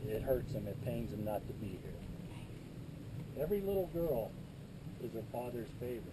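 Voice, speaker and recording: A man with a mid-pitched voice reads a letter aloud to wedding guests, earnest and a little choked up. Heavy background noise sits behind him. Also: normal speed. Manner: earnest, moved, reading carefully.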